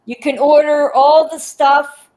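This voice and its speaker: A woman's voice: high-pitched, fairly even intonation, slow, a little mellow, slight background noise, low-quality recording. A woman with a Philadelphia accent chatting casually and animatedly with friends, often talking over them. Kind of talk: casual chat.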